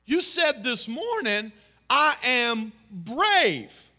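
Man in his thirties, high voice, bright tone, pastor preaching, emphatic storytelling. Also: animated, normal speed. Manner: emphatic, storytelling, rises to loud exclamations. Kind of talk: sermon.

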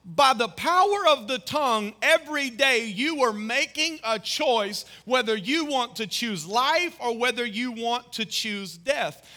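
A man in his thirties preaches from the pulpit in a high, bright voice. He tells stories with emphatic bursts and sudden rising exclamations. His delivery is that of a pastor's sermon. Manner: emphatic, storytelling, rises to loud exclamations.

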